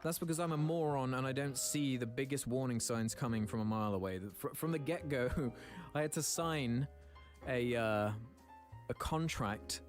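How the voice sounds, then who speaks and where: A man's voice: mid-range voice, moderate pace, faint music behind. Self-mocking Englishman telling a story. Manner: self-mocking, laughing, stumbling restarts. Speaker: YouTuber and voice actor. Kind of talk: casual storytelling.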